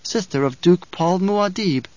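An eerily calm, self-assured young girl, as a male narrator puts her on, pitched higher and softer than his own voice, cool and precise. The audiobook sound is dry and slightly dull. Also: a little slow, no room sound. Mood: defiant.

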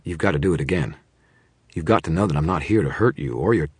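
A man's voice: very deep voice, animated, fast, husky, no room sound, studio quality, heavily acted. A man voicing a hard-pressed male wizard detective who presses for help in an urgent, insistent way. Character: hard-pressed male wizard private eye, weary and stubborn.

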